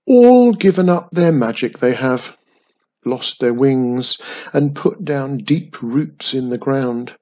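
A man voicing a grumpy male talking flying castle, booming and loud, with old-fashioned phrasing. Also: lively intonation, takes it slowly, lo-fi sound.

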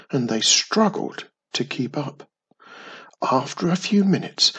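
A man reading a children's storybook aloud in a slow, expressive way. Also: medium pitch, breathy edge. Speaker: storybook narrator.

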